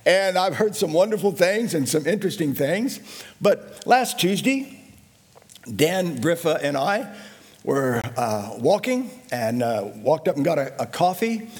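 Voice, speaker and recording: A middle-aged male pastor preaching a sermon, emphatic, swinging from hushed lows to loud shouted declarations, with a husky voice. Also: big pitch swings, measured pace.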